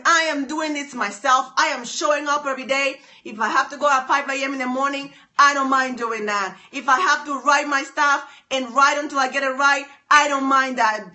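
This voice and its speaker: A woman live-streaming from her phone, giving an excited, emphatic motivational talk full of repeated lines. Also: high-pitched, normal speed, few pauses. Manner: emphatic, repetitive, preachy. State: excited and sweaty.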